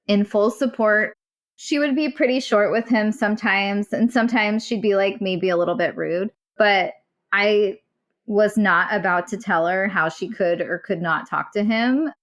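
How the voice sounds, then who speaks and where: A woman's voice: medium pitch, a bit bright. A woman telling her own story as a guest: earnest, emotional, and swearing now and then. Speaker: guest recounting a personal story. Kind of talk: candid storytelling.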